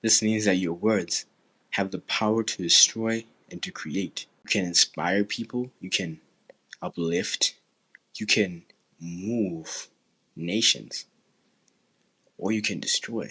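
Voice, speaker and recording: A young man giving an earnest, measured motivational talk about faith as a Christian video host. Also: deep voice, pushed and bright, breathy edge. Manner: earnest, measured, laughs now and then. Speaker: Christian YouTuber.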